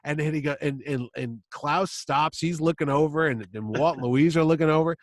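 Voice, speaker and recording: A man's voice: a little high, normal speed, no echo. A man in his fifties hosting a podcast, telling a long story in casual chat and acting out the quotes. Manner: animated storyteller who acts out quotes. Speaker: podcast host.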